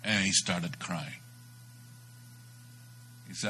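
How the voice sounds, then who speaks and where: A man delivers a sermon in a low but bright, forceful voice. He tells his story dramatically, swinging between loud bursts and hushed near-whispers. A faint hum runs underneath. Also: animated, measured pace, pauses often, poor audio. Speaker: preacher.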